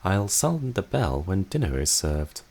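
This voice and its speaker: A man's voice: deep voice, sing-song, measured pace, vocal fry, darkish tone, heavily acted. A man voicing a polite, eager young housemaid in a mystery game, speaking formally and a little raised from his usual voice.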